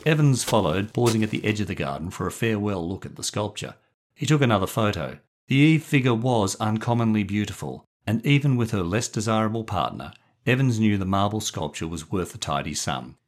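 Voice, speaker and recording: A man reading a short story aloud in a measured, expressive narration. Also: on the low side.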